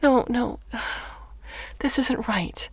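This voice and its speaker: A woman's voice: fairly high pitch, drawn-out words, breathy edge, no room sound, exaggerated voice. A woman voicing an anxious, grieving mother who talks with her daughter inside a computer, in a hesitant, pleading way for an audiobook. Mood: distressed. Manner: fretful and pleading. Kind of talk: audiobook narration.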